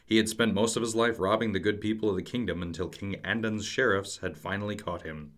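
A man hosting a podcast, reading a fantasy storybook aloud in a measured, dramatic way. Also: lowish voice, fairly even intonation, fairly bright tone. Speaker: podcast host and storybook narrator. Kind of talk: scripted storybook narration.

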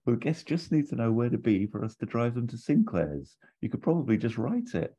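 A man voicing a brisk, exasperated middle-aged woman who runs a hotel, speaking crisply and impatiently in a much higher voice, on a dull lo-fi recording. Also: very animated, warm tone.

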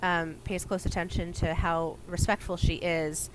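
A woman's voice: lowish voice, little pitch movement, measured pace. Podcast co-host, female, chatty and rambling, faint background noise. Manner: chatty, rambling with many fillers. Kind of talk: casual chat.

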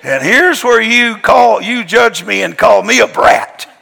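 A man preaching a sermon, telling a story in a folksy, emphatic way with slang, often shouting and laughing his way through it. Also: sits high, a little slow, creaky. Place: large church hall. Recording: long hall reverb.

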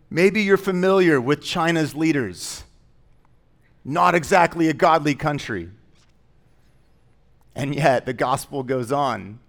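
A man's voice: a little high, lively intonation, unhurried, long pauses. Emphatic man preaching a sermon. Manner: conversational, joking asides, rising to emphatic preaching. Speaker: pastor.

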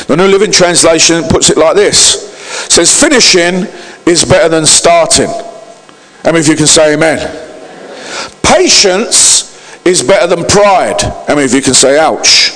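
A man's voice: sits high, lively intonation, moderate pace, fairly bright tone. A man preaching a sermon as pastor, calling out to the congregation for responses. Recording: long hall reverb.

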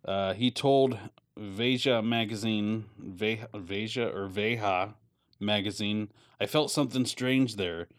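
Casual podcast co-host, man, low voice, dry close sound, stumbles while reading. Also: slow pace, no room sound. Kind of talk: casual chat, reading a news story aloud.

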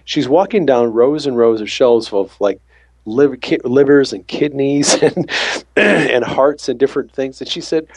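At a measured pace, a man with a husky, darkish mid-range voice recounts a faith story from his ambulance work and acts out the conversation. There's no room sound at all.

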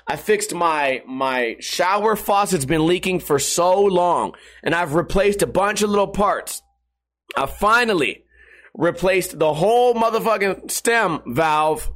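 A young man talks from home on his stream, loose and profane, wandering from story to story and cracking himself up. His voice sits high for a man, and the delivery stays casual and crude throughout. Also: animated, unhurried, fairly bright tone. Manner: crude, rambling, laughs at own stories.

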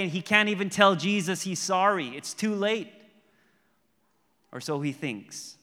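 Male pastor, earnest sermon, slightly high voice, rising and dropping to a hush, long hall reverb. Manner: earnest, swings from raised emphasis to hushed intimacy.

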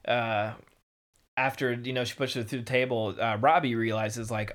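A man talking casually through a show recap, voice sitting at an ordinary middle pitch. He rambles with plenty of ums and likes, slipping into quick voices for the characters. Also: fairly even intonation, a bit bright. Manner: rambling, filler-heavy, acts out characters' lines in quick voices. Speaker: podcast co-host.

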